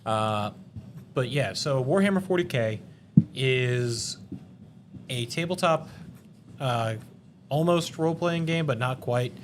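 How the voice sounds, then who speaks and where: A man's voice: mid-range voice, animated, takes it slowly, long pauses, slight background noise. A man hosting a loose, joking podcast chat with friends, swearing freely. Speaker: podcast host. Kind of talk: casual chat.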